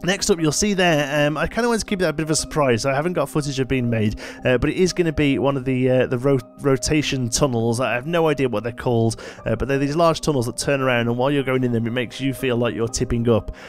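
A man's voice: medium pitch, fast, few pauses, faint music behind. A tired man rambling through casual gameplay commentary late at night, with plenty of fillers and asides. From United Kingdom. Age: adult, married. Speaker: let's play host.

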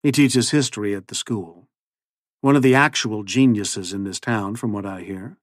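A man voicing a friendly off-duty male priest in an easygoing, gently amused way. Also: fairly low pitch, moderate pace, no room sound, clean studio sound, lightly acted. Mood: genial.

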